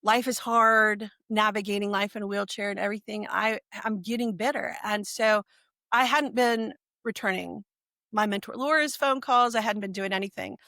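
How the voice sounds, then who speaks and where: Gravelly-voiced woman telling her story. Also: medium pitch, moderate pace, no room sound, clean studio sound. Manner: animated, acts out quoted speech. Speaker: podcast guest. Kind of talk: personal storytelling.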